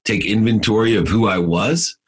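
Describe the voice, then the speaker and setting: A man's voice: fairly low pitch, normal speed, slightly rough. A middle-aged man telling his life story in an emphatic, motivational way, in short punchy phrases. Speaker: guest.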